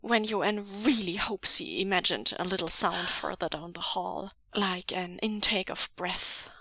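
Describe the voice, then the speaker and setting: A woman reading fan fiction aloud as an audiobook, with a measured storytelling delivery. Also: fairly low pitch, bright, forceful tone, no echo, studio quality. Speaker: podfic reader.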